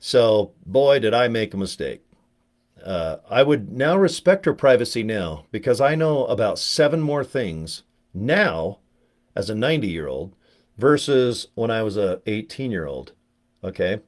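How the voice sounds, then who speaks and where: A middle-aged man with a fairly low voice tells a long, digressive story from his youth. His humor is crude, and he keeps acting out the people he quotes. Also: big pitch swings, a little slow. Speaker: vlogger telling a personal story. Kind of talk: rambling comic storytelling.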